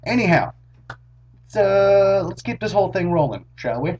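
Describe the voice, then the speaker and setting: A hoarse young man chatting casually to his camera in a rambling, jokey, self-mocking vlog, recorded on a small camera's built-in mic. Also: high-pitched, lively intonation, measured pace, darkish tone, highs cut off. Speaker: vlogger.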